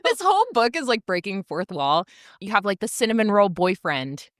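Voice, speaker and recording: A woman's voice: mid-range voice, very animated, normal speed, no echo, studio quality. A woman co-hosting a podcast, chatting enthusiastically and casually, with lots of filler words. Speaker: podcast co-host. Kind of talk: casual chat.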